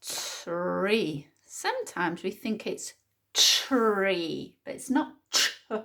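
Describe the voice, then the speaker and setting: A woman teacher, thinking aloud and sounding out words slowly in a phonics lesson for young children. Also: fairly high pitch, wildly swooping pitch, fairly bright tone. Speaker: primary school teacher.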